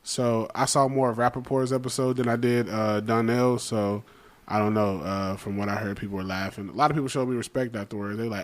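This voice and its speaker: A man's voice: on the low side, fairly even intonation, fairly quick. A man, a comedian and podcast co-host, talking in loose, profane street slang with emphatic banter.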